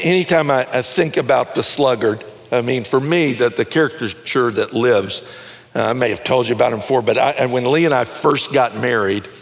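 A middle-aged man preaching a sermon in a conversational, animated way, telling stories and often repeating words as he starts a phrase. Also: medium pitch, in a large hall. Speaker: pastor. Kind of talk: sermon with storytelling.

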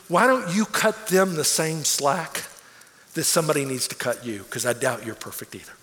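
A pastor in his forties preaches with a high, lively voice that leaps up and drops low. He tells stories earnestly, moving from hushed lines to emphatic peaks. A long hall reverb trails every phrase. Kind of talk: sermon.

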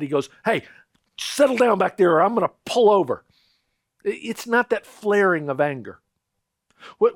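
A man's voice: sits high, no echo, clean studio sound. A man preaching a sermon in a conversational way as pastor, often acting out the voices of the people he quotes.

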